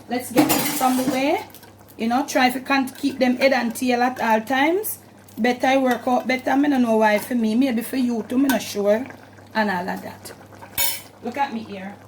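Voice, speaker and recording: A woman's voice: fairly high pitch, a little hiss or hum, low-quality recording. A woman with a Jamaican accent, hosting a cooking channel and giving chatty, instructive steps while she cooks in her kitchen. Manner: chatty, instructive, repeats "and all of that". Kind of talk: casual cooking demonstration. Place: home kitchen.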